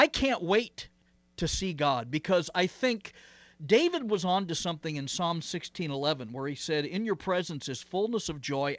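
With a high-pitched, slightly bright voice and no echo in the recording, a man who is a pastor reflects on his faith and tells stories as an interview guest. He's earnest and fills his speech with plenty of "uh"s and "you know"s.

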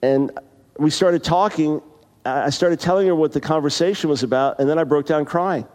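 Preacher around 60 in a reverberant hall. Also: male voice, a little high, a little mellow. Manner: storytelling, then emphatic slow scripture reading. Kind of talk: sermon. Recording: long reverb of a large hall.

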